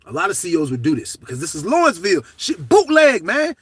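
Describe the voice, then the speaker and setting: A man telling a comedic story in casual, slangy talk, swinging from hushed to loud. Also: high-pitched, huge pitch swings, fast, slightly rough, no echo.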